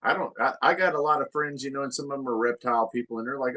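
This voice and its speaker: A man's voice: medium pitch, rapid-fire, bright, forceful tone. A man, co-hosting a casual podcast chat, crude and boastful, often laughing at his own jokes. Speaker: podcast co-host.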